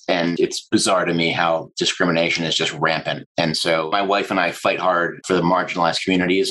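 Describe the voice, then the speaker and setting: A man's voice: low-pitched, bright, forceful tone, low-quality recording. A man in his forties, a guest on a podcast, chatting with enthusiasm and acting out what people said. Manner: enthusiastic storyteller, acting out quotes. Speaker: agency owner, guest. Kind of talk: interview conversation.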